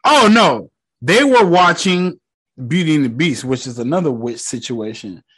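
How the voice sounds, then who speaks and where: A young man casually recapping a movie, swearing freely and retelling the scenes with excitement. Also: fairly high pitch, moderate pace, breathy edge. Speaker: movie reviewer.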